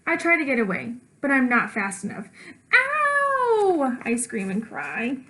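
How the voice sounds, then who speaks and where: A woman teacher reading a children's storybook aloud, with lively character voices and dog woofs. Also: on the high side, moderate pace, low-quality recording.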